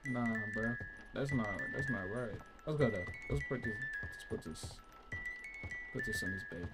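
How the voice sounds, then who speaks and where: A man doing casual gaming commentary, reacting loudly and swearing, with sudden outbursts between quieter remarks. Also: mid-range voice, normal speed. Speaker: gaming channel host. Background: loud game music.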